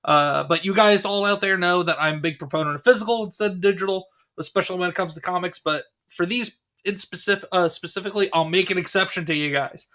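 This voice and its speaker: Bright high-voiced host. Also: male voice, fast talker, hardly any pauses. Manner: upbeat, talkative, laughing. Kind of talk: casual chat.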